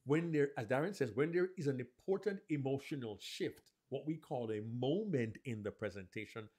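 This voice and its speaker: A man's voice: mid-range voice, moderate pace, slightly rough. A man co-hosting a live podcast on public speaking, explaining techniques and acting out examples. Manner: animated, acts out examples. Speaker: podcast co-host, speaking coach.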